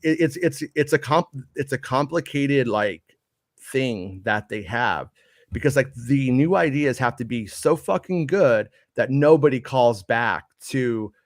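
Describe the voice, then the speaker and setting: A man's voice: mid-range voice, expressive, unhurried, no echo, studio quality. A man co-hosting a casual podcast, reading viewer comments and answering in a loose, swearing, filler-heavy way. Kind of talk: casual chat.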